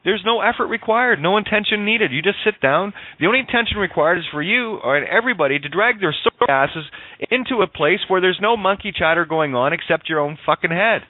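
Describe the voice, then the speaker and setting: Profane, animated man on a phone line. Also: high-pitched, a little fast, no room sound. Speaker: radio show co-host. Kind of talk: casual spiritual chat. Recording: dry tinny phone line.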